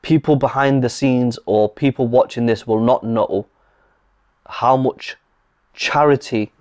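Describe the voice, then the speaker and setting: A man co-hosts a podcast in a measured, reflective manner. His voice sits at an ordinary male pitch, and it is recorded close and dry with no room sound around it. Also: fairly even intonation, a little mellow, no echo. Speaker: podcast co-host. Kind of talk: podcast conversation.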